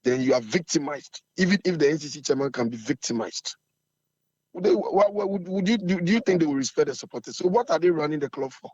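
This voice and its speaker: Hoarse, fiery Ghanaian man. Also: on the high side, expressive, quick pace, darkish tone, no room sound, dull audio. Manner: assertive, fiery, repetitive. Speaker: supporters' group chairman.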